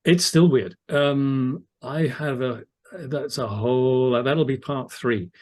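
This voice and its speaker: A man's voice: mid-range voice, takes it slowly, a little mellow. An older British man, an audiobook narrator, telling stories in a casual, self-deprecating interview chat. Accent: British English. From England. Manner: chatty, anecdotal, self-deprecating.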